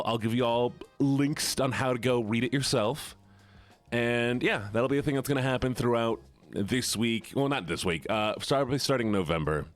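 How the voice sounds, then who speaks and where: A man chatting casually and playfully with his viewers on a live stream, rambling from one thought to the next. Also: medium pitch.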